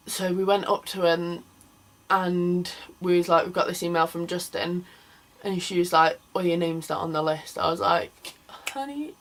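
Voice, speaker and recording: A woman's voice: lowish voice, low-quality recording. A young woman telling a story to camera in a chatty vlog, filling her talk with "like" and acting out what others said. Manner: chatty, lots of "like", acts out quoted people. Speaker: vlogger.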